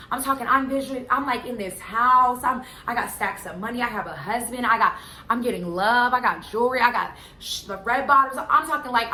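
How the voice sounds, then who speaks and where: A young woman telling a casual storytime, rambling with constant filler words and getting loud and excited. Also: fairly high pitch, a little hiss or hum. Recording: echoey room.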